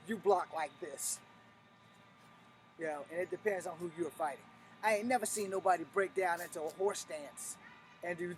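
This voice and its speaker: A man's voice: high voice, slight background noise. A middle-aged man, a martial arts instructor, giving a blunt, profane, emphatic teaching talk on a live stream.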